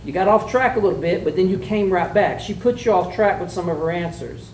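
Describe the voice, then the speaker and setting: A man with a fairly high voice gives students folksy, plainspoken feedback, full of "uh"s and "um"s, in the manner of a mock trial judge. He sounds far from the mic, in a roomy, echoey space with a faint hiss of room noise. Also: lively intonation, fairly quick, a little mellow. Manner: folksy, plainspoken, with many fillers. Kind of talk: spoken critique to students.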